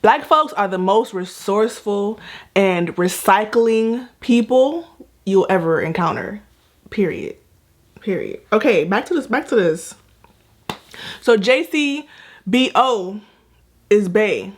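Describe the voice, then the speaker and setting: A woman's voice: mid-range voice, lively intonation, takes it slowly. A young woman hosting a casual hair-care reaction vlog, chatty and playful with emphatic repetitions. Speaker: natural hair vlogger.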